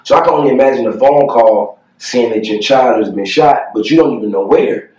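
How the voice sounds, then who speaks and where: A young man telling a painful personal story to the camera, earnest and halting, with many fillers and pauses. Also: mid-range voice, a little mellow, distant mic. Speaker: family vlogger. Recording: echoey room, voice a bit off-mic.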